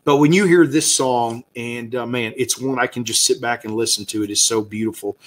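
Speaking briskly in a mid-range voice, a Southern US man acts as a birding guide giving a casual slide talk. He's enthusiastic and rambling, full of fillers and restarts.

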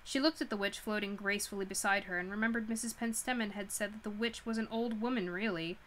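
Brief: woman narrator, bright and crisp, reads aloud with frequent self-corrections. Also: medium pitch, steady tone, quick pace, slight background noise. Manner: stumbling over words and correcting herself. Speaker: livestream book club host. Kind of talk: reading a novel aloud.

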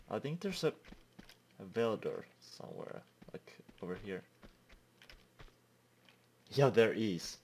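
Slow-talking man narrating his gameplay. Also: fairly low pitch, big pitch swings, darkish tone. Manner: chatty, laughs at his own slips. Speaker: let's play host. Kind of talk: gameplay commentary.

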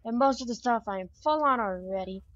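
Young woman gaming, high bright voice, jumpy and chatty, kinda lo-fi mic. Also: fairly quick. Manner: excitable, shrieks when startled, chatty asides. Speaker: gamer. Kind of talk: let's play commentary.

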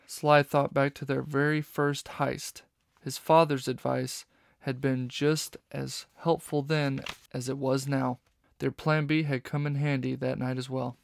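Guy reading a kids' audiobook, gravelly voice, dry close sound. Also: medium pitch, unhurried, dry recording. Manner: steady storytelling. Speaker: audiobook narrator. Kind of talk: scripted audiobook narration.

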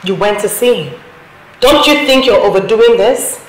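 A woman's voice: mid-range voice, lively intonation, moderate pace, roomy sound, close to an everyday voice, low-quality recording. An actress playing a firm, protective aunt who scolds her niece in a film drama. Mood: scolding. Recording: clear background noise.

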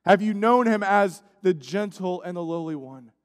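A male pastor preaching a sermon, swinging between loud emphatic lines and hushed, quiet passages. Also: high voice, expressive, normal speed. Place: church sanctuary. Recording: church sanctuary with long reverb.

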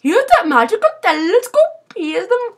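Young woman, gamer, over-the-top playful commentary, high bright pitch. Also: big pitch swings, normal speed. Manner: silly, dramatic, exclaiming.

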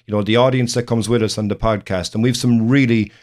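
A man's voice: on the low side, fairly even intonation, quick pace, a little mellow. A man with an Irish accent, a podcast guest speaking earnestly in a rambling, casual chat.

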